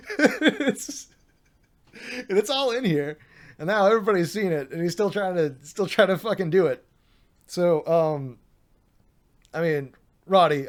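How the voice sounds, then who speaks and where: A man streaming late at night, reading out online drama with tired, sardonic commentary, swearing and laughing. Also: a little high. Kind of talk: casual live-stream commentary.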